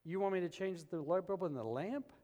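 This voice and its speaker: High-voiced pastor preaching in a hall. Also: male voice, fairly quick. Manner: animated, humorous storytelling. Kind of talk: sermon. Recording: long reverb of a large hall.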